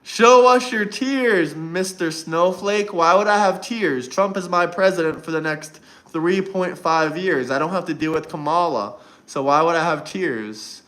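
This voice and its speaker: A man running a casual livestream banters with his chat, teasing viewers mockingly. He speaks at a normal speed with a fairly high pitch and a fairly bright tone.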